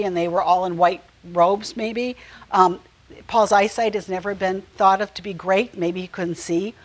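An earnest woman leads a Bible study at a medium pitch, explaining scripture in a relaxed, conversational way. She pauses often, fills gaps with ums and corrects herself mid-sentence as she works through each point. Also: rough recording.

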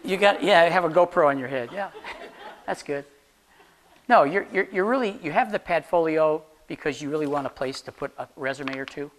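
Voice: mid-range voice, normal speed, slight background noise. A chatty instructor leads a class through practical advice in a loose, conversational way. The voice keeps throwing questions out to the room and slips in jokes along the way. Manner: jokey, laughs at own jokes. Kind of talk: classroom talk on job interviews.

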